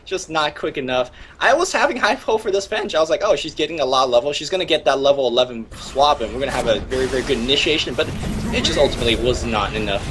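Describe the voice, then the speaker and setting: A man's voice: mid-range voice, expressive, fast, a bit bright, a little hiss or hum. A man co-casting a live esports match, chatty and laughing between calls. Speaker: esports co-caster.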